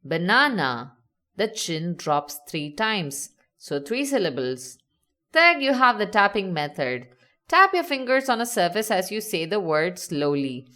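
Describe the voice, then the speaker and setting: A woman narrating a scripted lesson, slowly sounding out example words with clear enunciation. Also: lowish voice, sing-song, sharp tone. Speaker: teacher.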